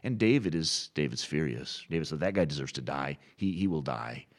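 A middle-aged man preaching a sermon, animated and storytelling, acting out quoted inner voices. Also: rumbling low, a little fast. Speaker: pastor.

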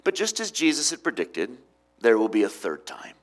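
A middle-aged man preaching a sermon, with emphatic rises and quiet drops. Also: mid-range voice, huge pitch swings, moderate pace. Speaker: pastor.

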